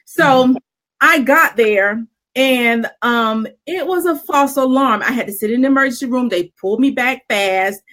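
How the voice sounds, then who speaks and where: A middle-aged woman, telling a personal story in a casual chat, candid and animated, with lots of fillers and laughs. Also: high-pitched, measured pace.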